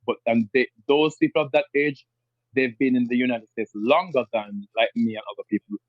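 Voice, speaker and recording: A man's voice: a little fast, no room sound, dull audio. A man with a Jamaican accent, a guest in a conversational interview, talking animatedly and slipping into other dialects. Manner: animated, imitates dialects with lively pitch jumps.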